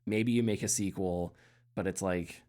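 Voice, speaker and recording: A man hosting a gaming podcast in casual chat, relaxed, laughing easily and trailing off mid-thought. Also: sits low, normal speed. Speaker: podcast host.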